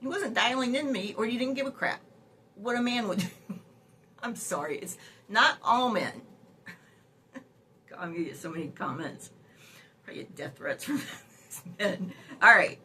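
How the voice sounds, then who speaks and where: An older woman, a great-grandmother, spins a casual vlog story at an ordinary middle pitch. She sounds exasperated and sassy, and she laughs often as she talks. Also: expressive, measured pace, pauses often, sharp tone, a little hiss or hum. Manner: laughs often while talking. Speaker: vlogger.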